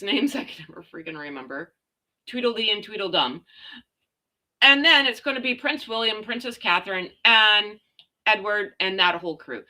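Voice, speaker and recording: Woman host, casual sarcastic rant, bright forceful tone, gossip stream. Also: mid-range voice. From Canada. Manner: sarcastic, ranting, animated. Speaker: royal gossip livestream host. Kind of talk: casual chat reading viewer comments.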